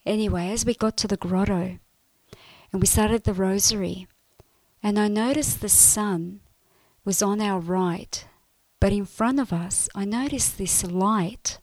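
A woman telling her personal faith testimony in an earnest, emotional way, often dropping to a soft, breathy voice. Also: mid-range voice, measured pace, no echo.

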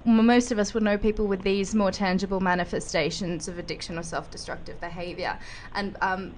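A female interviewer on a radio show asks her questions slowly and hesitantly, stopping to find her words. Her pitch is average, and faint background noise sits behind her voice. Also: steady tone.

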